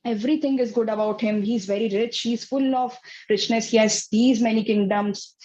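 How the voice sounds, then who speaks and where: A woman's voice: a little high, steady tone, normal speed, darkish tone, lo-fi sound, close to an everyday voice. A woman voicing a boastful, scornful male king who mocks a rival, with frequent fillers. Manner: sneering, hesitant with fillers.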